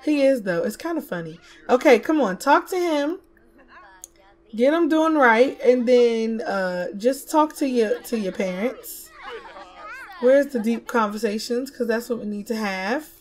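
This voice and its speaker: Woman, slightly high pitch; chatty let's-play host bossing her game characters around. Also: lively intonation, unhurried. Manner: chatty, talks to the game characters, slips into Southern US slang. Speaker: gaming YouTuber. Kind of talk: casual let's-play commentary.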